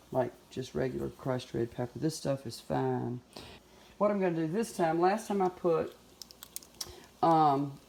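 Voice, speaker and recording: A woman's voice: sits low, creaky, a little mellow, slight background noise. A middle-aged woman with a Southern US accent, chatting folksily in her home kitchen as she cooks. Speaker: home cook. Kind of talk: casual cooking demonstration.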